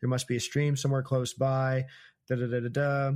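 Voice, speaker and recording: A man hosting a podcast, casually recapping a book chapter with quick asides and chuckles. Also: mid-range voice, little pitch movement, a little mellow, smooth. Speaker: podcast host.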